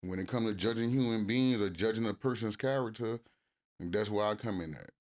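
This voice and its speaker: A man co-hosting a couples podcast, talking casually and cursing freely, getting loud and animated when he acts out arguments. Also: on the low side, a little fast. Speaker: podcast co-host.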